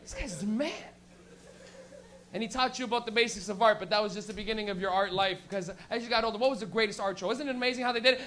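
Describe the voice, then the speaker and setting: A man with a high voice works a small comedy room. His stand-up is loose and full of swearing, and he jumps into little acted-out bits. He grew up in Canada. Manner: loose, profane, animated storytelling with acted-out bits.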